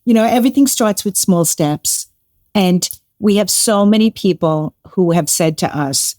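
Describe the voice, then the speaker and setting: A woman's voice: medium pitch, animated, normal speed, no echo, clean studio sound. Emotional, enthusiastic woman guest. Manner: warm, emotional, enthusiastic, laughs a lot. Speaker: shooting group chapter leader. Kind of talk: casual interview chat.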